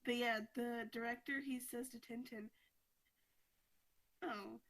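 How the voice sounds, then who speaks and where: A slightly high-voiced woman hosts a podcast and walks through a comic story in a casual, chatty way. She leans on "like" as she talks. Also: steady tone, slow pace, a bit bright, poor audio. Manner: chatty, fillers of "like", frequent laughter. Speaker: podcast host.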